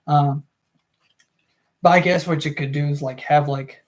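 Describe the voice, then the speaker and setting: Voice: medium pitch, fairly even intonation, unhurried. Rambling casual book-reading streamer. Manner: rambling, many fillers and restarts. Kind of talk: casual livestream chat.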